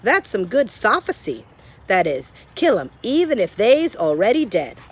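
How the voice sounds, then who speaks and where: A woman voicing a dim, earnest young servant girl who speaks plainly with rough grammar. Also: mid-range voice, very animated, measured pace. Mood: shrill, simple.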